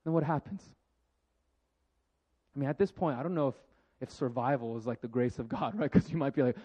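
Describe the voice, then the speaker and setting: A man preaching a sermon with jokes, moving between lively storytelling and hushed, slow reflection. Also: medium pitch. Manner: animated and joking, then hushed and reflective. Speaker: pastor. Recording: dull lo-fi sound.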